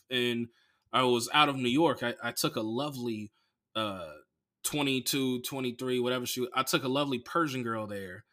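Bright-voiced swearing comedian storyteller. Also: male voice, mid-range voice. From Oakland, California. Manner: rambling, swears a lot, acts out other people. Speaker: comedian podcast host.

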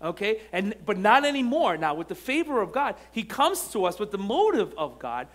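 A man preaching from the pulpit with a notably high voice for a man. He shifts between relaxed storytelling, full of restarts, and fervent emphatic lines. The delivery is that of a church pastor. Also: moderate pace. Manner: animated preaching, rising to emphatic repeated lines; conversational storytelling with frequent restarts. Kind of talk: sermon. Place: church sanctuary.

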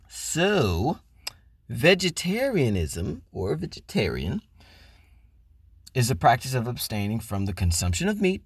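A man's voice: mid-range voice, dry recording, studio quality. Profane ranting podcast man. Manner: loud, swearing, mocking. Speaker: podcast host. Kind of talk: profane comedic rant.

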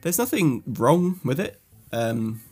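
A man's voice: medium pitch, very animated, takes it slowly, a little mellow, slightly rough, soft background music. A man from England co-hosting a casual tech podcast, explaining at length with fillers. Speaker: podcast co-host. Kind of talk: casual chat.

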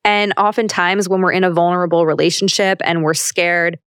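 A woman's voice: on the low side, fairly even intonation, fairly quick, fairly bright tone, clear, resonant tone, dry recording, studio quality. A young woman hosting a motivational self-help podcast, talking candidly and emphatically and swearing freely. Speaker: podcast host.

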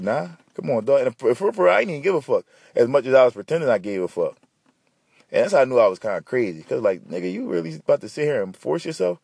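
A man's voice: mid-range voice, expressive, a little fast, a little mellow, no room sound, studio quality. A man hosting a podcast alone, giving blunt, profane, rambling advice in an unscripted casual monologue. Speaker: podcast host.

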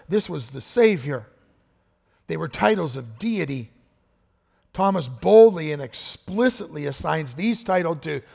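Pastor guy preaching, slightly high husky voice, hushed then emphatic, long church echo. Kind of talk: sermon. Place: church sanctuary. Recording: echoey church hall with long reverb.

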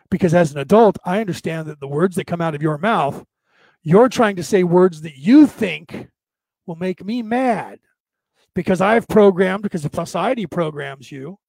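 A man's voice: high-pitched, creaky, darkish tone, dry recording, low-quality recording. A man giving a blunt, profane, lecturing monologue, often checking in with "okay?".

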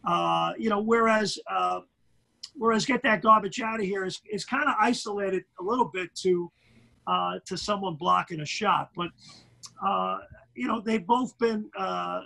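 Gravelly high-voiced Brooklyn man. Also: measured pace, rough recording. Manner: animated, repeats words, bursts of excitement. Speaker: basketball commentator. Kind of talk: casual interview chat.

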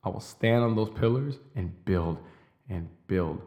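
Young male podcast host, lowish voice, intense and profane, slow hammered-out declarations. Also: darkish tone. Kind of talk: motivational monologue.

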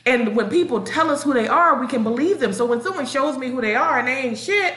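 A woman co-hosting a casual podcast chat, slangy and animated, often acting out what other people say. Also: sits high, a little fast, roomy sound. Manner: animated, acts out quoted voices, slangy. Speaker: therapist co-host.

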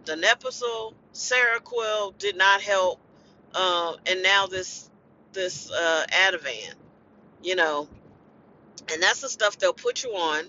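Woman host, raw personal rant; blunt and profane, bright edgy tone, dull lo-fi sound. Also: lowish voice, slow, slight background noise. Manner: blunt, emotional, profane venting. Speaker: podcast host and family caregiver. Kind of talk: impassioned personal monologue. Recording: dull lo-fi recording.

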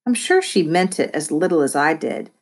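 Husky woman reading a children's novel. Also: deep voice, animated, moderate pace. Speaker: reader.

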